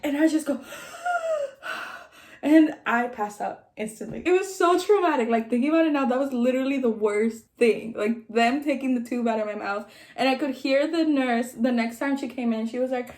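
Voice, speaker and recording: A woman's voice: sits high, fairly quick, few pauses, darkish tone. A young woman vlogger telling a personal story in casual, filler-heavy speech, acting out what others said. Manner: chatty, filler-heavy, acts out quotes. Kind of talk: casual storytelling during a mukbang. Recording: roomy echo.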